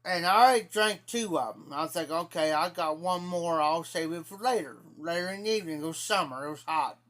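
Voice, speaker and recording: A man with an Ohio accent and a brisk, somewhat high, slightly bright voice tells his live-stream chat a rambling story. His casual telling is profane and full of repetition.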